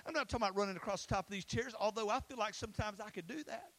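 A man preaching an energetic sermon, telling stories and chatting with the crowd, swinging from loud and animated to hushed and intimate. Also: high-pitched, very fast, hardly any pauses, poor audio. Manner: storytelling, conversational asides to the crowd. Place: school facility used for a church launch.

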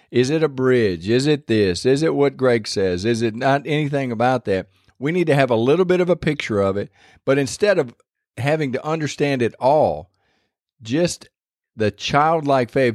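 A man's voice: medium pitch, no echo, clean studio sound. A man hosting a devotional podcast, talking in a rambling, conversational way with many restarts. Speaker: podcast host.

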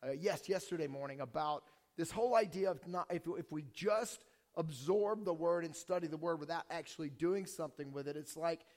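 Male pastor, hoarse and strained, chatty sermon delivery, slightly high voice, long reverb. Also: brisk. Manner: casual, joking, with many fillers and restarts. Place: church hall before a congregation.

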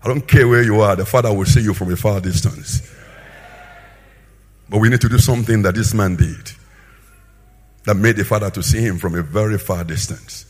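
A man preaching a sermon with a husky voice, swinging between loud emphatic bursts and quieter asides. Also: fairly low pitch, normal speed, long pauses.

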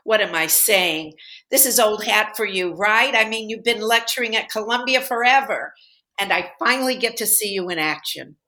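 A woman's voice: medium pitch, expressive, normal speed, pushed and bright. A doting, pushy mother. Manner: doting, chatty, insistent. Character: doting, pushy middle-aged to older mother. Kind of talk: scripted comedy sketch.

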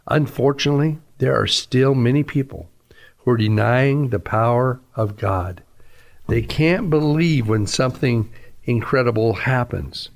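A man's voice: medium pitch, a little slow, vocal fry. A man, a pastor, giving an earnest radio sermon that rises to emphatic peaks.

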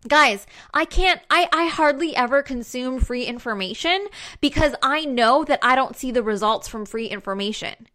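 A woman's voice: high-pitched, normal speed, pushed and bright. A young woman giving an emphatic, fired-up motivational talk to her followers, repeating herself for punch and swearing casually.

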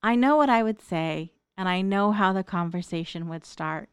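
A woman's voice: mid-range voice, normal speed, clear, resonant tone, dry recording, clean studio sound. A middle-aged woman speaking a tender, reflective monologue, addressing her late mother directly as an open letter. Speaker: daughter writing an open letter. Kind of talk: heartfelt spoken monologue.

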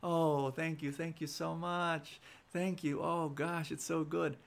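A man's voice: on the high side, level tone, slow pace, vocal fry. A man voicing a whiny, lazy male lizard stuck to a wall, in a sermon story. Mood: grateful. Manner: whimpering, then smug and scheming.

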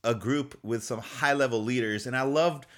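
A man's voice: mid-range voice, moderate pace, fairly bright tone. A man delivers a motivational faith talk in a mid-range voice. He speaks in an upbeat, encouraging tone, repeats his key phrases for emphasis and often chuckles as he goes.

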